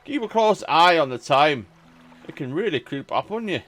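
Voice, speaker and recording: A man's voice: a little high, expressive, normal speed, a bit bright, soft background music, voice pushed up. A man putting on a blustering harbor mayor. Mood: pompous welcoming. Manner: theatrical put-on accent, bluster. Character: short bossy male harbor mayor.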